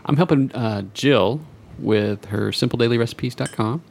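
A man co-hosting a casual podcast chat, talking in halting starts and repeated words. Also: mid-range voice, gravelly.

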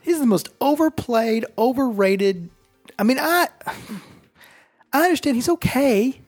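A woman's voice: fairly high pitch, unhurried, faint music behind. A woman co-hosting a casual chat who sounds opinionated and keeps steering the talk onto her own tangents. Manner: animated, opinionated, goes off on tangents. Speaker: podcast co-host.

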